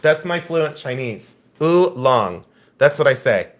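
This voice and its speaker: A man's voice: medium pitch, expressive, measured pace. An American man hosting a live-stream sale, teasing viewers and rambling between lots. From United States. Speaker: live auction host. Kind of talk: casual live-stream sales chat.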